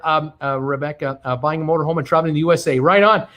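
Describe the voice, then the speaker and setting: A middle-aged man with a slightly higher-than-usual voice hosts a casual live stream. He reads viewer comments aloud one after another and answers them with quick, chatty asides. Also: lively intonation, a bit bright. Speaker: livestream host reading viewer chat.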